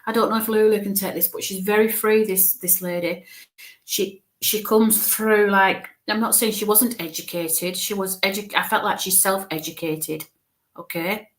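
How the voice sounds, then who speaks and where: A woman medium relays impressions in a live reading with a mid-range voice. She talks haltingly, often breaks off to search for a word, repeats herself and keeps checking in with the listener. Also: medium pitch, steady tone. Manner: searches for words mid-sentence. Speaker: spiritualist medium.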